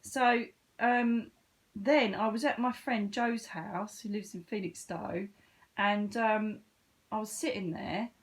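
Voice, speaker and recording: A woman talks to her viewers in a chatty, animated way, her voice jumping up now and then with lively emphasis. She speaks at a middling pitch and tells her stories in an easy, conversational flow. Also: slow. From Britain. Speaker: psychic medium. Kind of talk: casual storytelling to camera.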